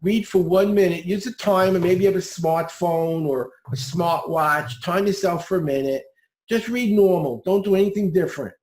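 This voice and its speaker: A man's voice: sits high, moderate pace, a little mellow, reverberant. A man who is a guest on a podcast, teaching speed reading. He gives direct, upbeat, step-by-step instructions.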